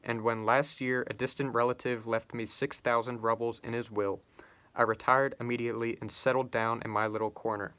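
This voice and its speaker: A man reading aloud as a bitter, spiteful forty-year-old retired clerk, with emphatic, slowed declamation and sarcastic outbursts. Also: mid-range voice, level tone, a bit bright, clean tone, lightly acted. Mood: bitter, sardonic.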